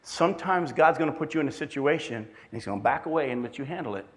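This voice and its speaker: A man's voice: a little high, animated, fast. A middle-aged man preaching a sermon as pastor, telling family stories with self-deprecating humor.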